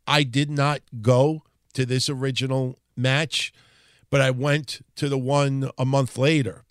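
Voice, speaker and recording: A man's voice: mid-range voice, clean tone, no room sound, clean studio sound. A man with a New York accent, hosting a podcast and casually recounting wrestling history in a rambling, profane way. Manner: conversational, profane, rambling with restarts. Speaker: podcast host.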